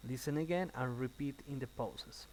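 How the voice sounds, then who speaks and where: A male English teacher talking through a recorded lesson. He explains each phrase slowly with a few ums, then translates it in a quick burst. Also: mid-range voice, low-quality recording. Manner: thinking out loud with uh and um. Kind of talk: recorded online class, switching between English and Spanish.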